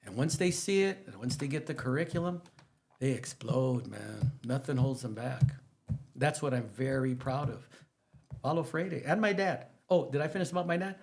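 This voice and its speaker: A man, a teacher guesting on a podcast, telling stories in an animated, rambling way that jumps from one topic to the next. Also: normal speed, vocal fry. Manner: animated, rambling, jumps between stories, emphatic pitch rises. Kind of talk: casual storytelling interview.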